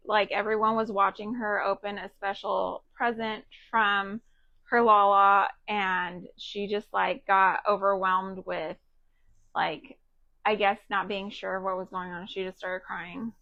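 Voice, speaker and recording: A woman's voice: mid-range voice, bright, forceful tone, no room sound, dull audio. A woman, around her thirties and from Texas, chatting casually and rambling with lots of fillers while she crafts live for her viewers. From Texas, USA. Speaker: craft livestream host.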